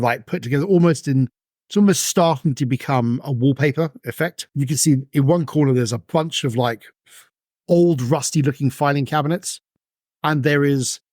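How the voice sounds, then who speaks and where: A man's voice: medium pitch, a little mellow, dry recording, clean studio sound. Rambling man running a tabletop game. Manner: rambling, filler-heavy description. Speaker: game master.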